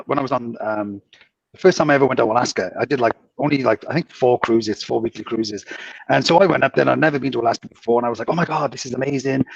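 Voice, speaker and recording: A man's voice: mid-range voice, creaky, husky, no room sound. A man co-hosting a casual podcast, rambling through stories with lots of fillers and frequent laughter. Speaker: podcast co-host, former cruise ship casino dealer. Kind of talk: casual chat, storytelling. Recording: dull lo-fi audio.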